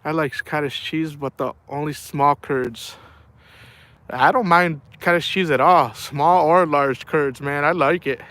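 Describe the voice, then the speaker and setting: A man's voice: a little high, a little slow, fairly bright tone. A middle-aged man chatting casually on a livestream, telling rambling stories and saying "man" a lot. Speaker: livestream host.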